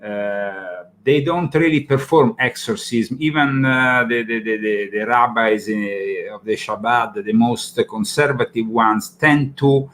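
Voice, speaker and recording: A man with an Italian accent hosting a talk show, speaking in halting sentences full of fillers and repeated words. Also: medium pitch, a bit bright, a little hiss or hum. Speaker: host. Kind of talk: casual talk-show commentary.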